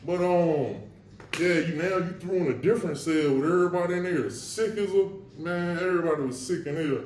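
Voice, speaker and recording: A man tells a personal story in a loose, slangy monologue, blunt and profane, with wry humor about grim memories. His voice sits a little high for a man. He is heard a bit away from the mic in an echoey room. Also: fast talker, far from the mic. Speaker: podcast host recounting his past.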